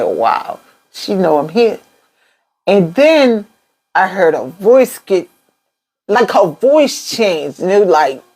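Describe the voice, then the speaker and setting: A young adult woman speaking as a tarot reader on a casual live stream, her voice sitting a bit high. She tells her story with spirited quoted asides and blunt swearing.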